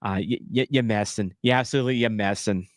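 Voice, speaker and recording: A man's voice: fairly low pitch, quick pace, no echo, studio quality. Chatty self-deprecating male streamer. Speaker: live stream host. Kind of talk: casual live watch-along chat.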